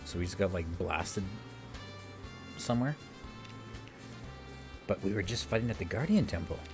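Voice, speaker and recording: A man's voice: sits low, lively intonation, moderate pace. A young man casually recapping and commenting as he streams a game, rambling with lots of fillers. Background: game music.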